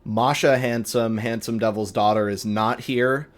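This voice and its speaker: A man narrating as game master of a tabletop game, unhurried and rambling with lots of fillers. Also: medium pitch, fairly even intonation.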